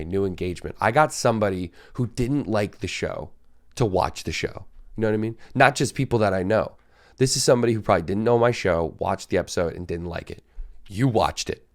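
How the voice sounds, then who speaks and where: Hoarse man half-whispering a podcast. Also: sits low. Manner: rambling, casual, swears freely; repeats words and restarts often. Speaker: podcast host. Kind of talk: solo podcast monologue.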